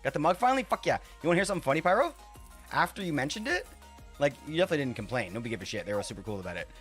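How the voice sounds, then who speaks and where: A man's voice: on the high side, sing-song, racing, a bit bright, faint music behind. A man chatting casually with his live-stream viewers while he builds in a game, rambling, laughing often and swearing freely.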